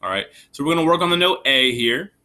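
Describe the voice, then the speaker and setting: In this recorded online recorder lesson, a male elementary music teacher speaks fast in a high, animated, sharp-toned voice. He counts the beats aloud with the young children, staying patient and encouraging throughout.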